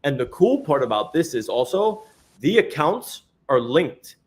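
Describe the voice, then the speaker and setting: A man co-hosting a casual chat, talking in animated hype slang. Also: a little high, a little slow. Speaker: co-host.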